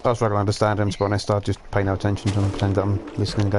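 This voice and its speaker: A man's voice: fairly low pitch, completely flat delivery, rapid-fire, noisy background. A man with an English accent chatting and joking with friends while streaming a game, swearing lightly. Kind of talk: casual gaming chat with friends.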